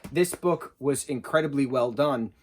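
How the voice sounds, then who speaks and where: A man in his thirties giving a casual spoken book review, chatty and excitable, with a sarcastic streak and frequent restarts. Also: medium pitch, unhurried.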